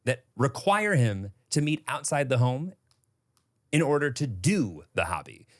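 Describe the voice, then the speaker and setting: A man co-hosting a podcast in casual chat, joking and bantering with lively intonation. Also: medium pitch, measured pace. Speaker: podcast co-host.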